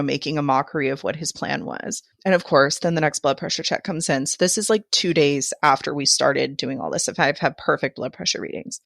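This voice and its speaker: A woman's voice: low-pitched, vocal fry, no room sound, clean studio sound. A woman guest on a podcast, telling her own birth story candidly and emotionally, laughing through the hard parts.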